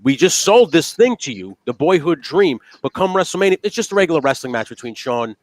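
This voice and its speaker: A man's voice: fairly high pitch, sing-song, fairly quick, dry recording. Fired-up, swearing male podcast host. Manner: heated, profane ranting. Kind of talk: casual wrestling chat.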